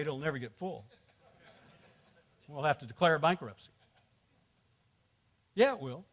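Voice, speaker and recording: A man's voice: on the high side, a bit bright. A man teaching a men's class at church in a joking, conversational way, quizzing the audience and laughing often. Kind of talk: humorous teaching to a men's group.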